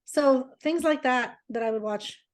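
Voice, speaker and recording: A woman co-hosting a casual chat podcast, telling lively family stories with laughter and acting out her dad's lines. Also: sits high, measured pace. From Canada. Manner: animated storyteller, laughs often, does voices of her dad. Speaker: podcast co-host.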